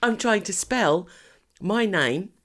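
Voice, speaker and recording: A woman's voice: mid-range voice, animated, slow pace, fairly bright tone. A middle-aged woman, co-hosting a podcast in casual, teasing chat and laughing often. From England. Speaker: podcast co-host.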